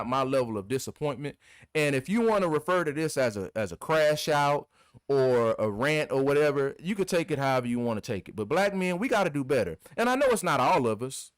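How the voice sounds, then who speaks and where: A man's voice: on the high side, no room sound, clean studio sound. A man hosting his own video, giving a heated, repetitive, scolding commentary. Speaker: video host. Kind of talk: impassioned commentary rant.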